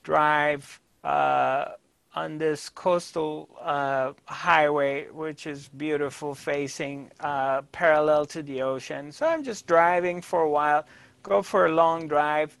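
A man gives a spiritual talk as a calm, unhurried personal story, pausing often and filling gaps with small hesitations. His voice sits a little high and has a gravelly fry running through it. The recording is dry and close, with no room sound. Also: dry recording. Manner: calm, halting, with many fillers. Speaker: spiritual teacher.

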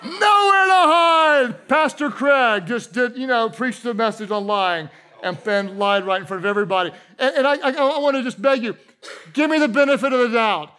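High-voiced man preaching a lively sermon. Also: fairly quick, clean tone. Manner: animated storytelling with audience asides and humor. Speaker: pastor. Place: church auditorium with a live congregation.

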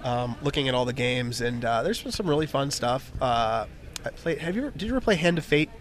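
A young man hosting casual interviews at a convention, chatty and quick to laugh. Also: medium pitch. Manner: chatty, laughs easily, animated. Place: convention floor.

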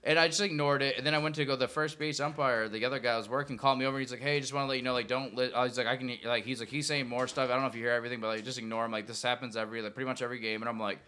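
Fast-talking bright-voiced podcast man. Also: medium pitch, steady tone. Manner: rambling storyteller, heavy use of "like" and "dude". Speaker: podcast co-host. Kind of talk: casual chat.

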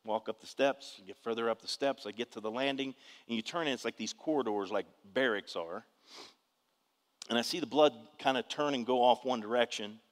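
A man, preaching a testimony in an animated storytelling way with bursts of shouting. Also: medium pitch, brisk, big-room sound. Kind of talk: testimony sermon.

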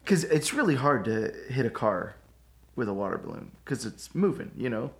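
A man co-hosting a church podcast, chatting casually and telling animated stories. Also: mid-range voice, moderate pace, gravelly. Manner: animated storyteller. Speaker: podcast co-host. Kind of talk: casual chat.

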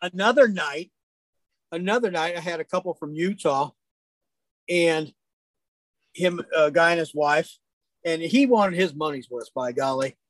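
A man who works as a hunting guide, telling folksy, lively stories in a casual chat. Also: on the high side, measured pace, pauses often, no room sound. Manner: animated, folksy storyteller. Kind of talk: casual storytelling.

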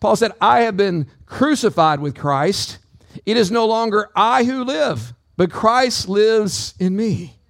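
A man's voice: sits high, expressive, slow pace, vocal fry, a bit bright, no echo, studio quality. A man preaching a sermon as pastor, calling out to the congregation with a dynamic, swinging delivery. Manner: preaching with call-outs to the congregation.

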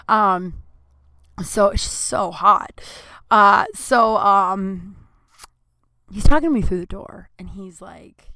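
A woman's voice: mid-range voice, moderate pace, bright, forceful tone, no echo. A young woman comedian hosting her podcast, telling a crude, self-mocking story in casual chat, full of fillers. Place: home room, recording on a computer.

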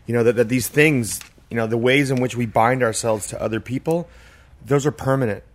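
A man's voice: mid-range voice, brisk. A man in casual podcast chat, talking in a reflective, rambling way with many "like" and "you know" fillers. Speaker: podcast co-host.

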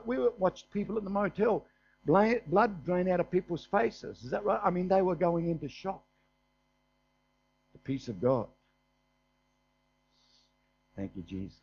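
A man's voice: a little high, darkish tone. An older man with an Australian accent, preaching a sermon in a folksy storytelling way, often asking "is that right?". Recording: dull, muffled sermon recording.

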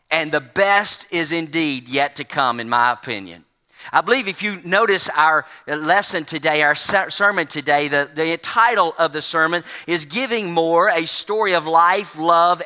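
A man's voice: fairly high pitch, pushed and bright. A male pastor preaching a sermon, telling a folksy story to his congregation. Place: church sanctuary. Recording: long church reverb.

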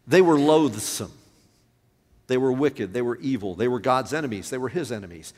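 A man's voice: mid-range voice, fast. A man who is a pastor, preaching a sermon with emphatic rises and drops in his voice. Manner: emphatic preaching, voice rising and falling. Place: church sanctuary. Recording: long hall reverb.

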